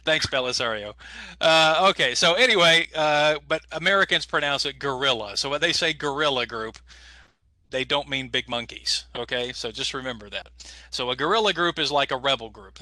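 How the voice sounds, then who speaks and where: A man teaching an English as a second language class over a video call, explaining patiently and slowly with lots of fillers. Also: on the high side, bright, forceful tone, no echo. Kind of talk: online class instruction.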